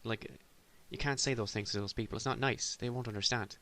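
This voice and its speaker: A man's voice: mid-range voice, fairly even intonation, brisk, a bit bright. A man from Ireland hosting a solo comedy podcast, rambling in a self-deprecating way with sudden exasperated outbursts. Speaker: podcast host.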